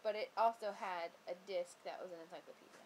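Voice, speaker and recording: A woman's voice: fairly low pitch, fast talker, a little hiss or hum, rough recording. A woman co-hosting a casual vlog chat, teasing and laughing often. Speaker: vlog co-host.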